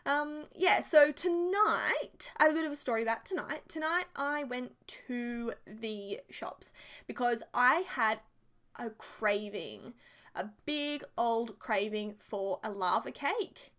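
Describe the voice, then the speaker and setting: A woman's voice: a little high, expressive, slow, fairly bright tone. A young Australian woman in her twenties, telling rambling, giggly stories in a casual voiceover chat. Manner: chatty, rambling, giggly storytelling. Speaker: YouTuber.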